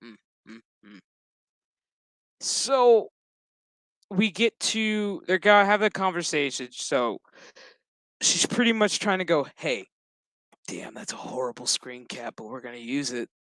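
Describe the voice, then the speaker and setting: A man's voice: fairly high pitch, animated, unhurried, a bit bright, no echo. Blunt, foul-mouthed man doing a recap. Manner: profane, sarcastic, blunt. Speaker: show reviewer. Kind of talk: casual episode recap.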